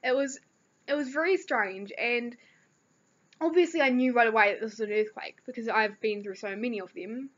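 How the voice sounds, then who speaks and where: A woman's voice: fairly high pitch, normal speed. Chatty teen girl with a New Zealand accent. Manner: rambling, chatty storytelling with fillers. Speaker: vlogger. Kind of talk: casual chat. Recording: dull lo-fi recording.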